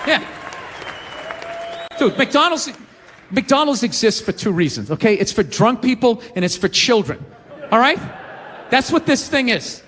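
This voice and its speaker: A man's voice: very high voice, sing-song, measured pace, long pauses, fairly bright tone, a faint crowd. A man in his forties doing a profane, exasperated stand-up rant on a comedy stage with a handheld mic. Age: 40s. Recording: live hall reverb, faint noise.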